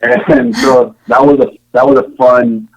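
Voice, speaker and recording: A man's voice: mid-range voice, measured pace, creaky, low-quality recording. A man from Samoa, a podcast guest, recounting his story in a casual, rambling way with many fillers and restarts. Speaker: podcast guest, show contestant.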